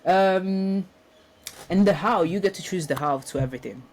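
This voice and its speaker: A woman's voice: lowish voice, normal speed, darkish tone, a little hiss or hum. A woman giving a casual spiritual self-development talk in a room, speaking reflectively with frequent restarts and ums. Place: indoor room.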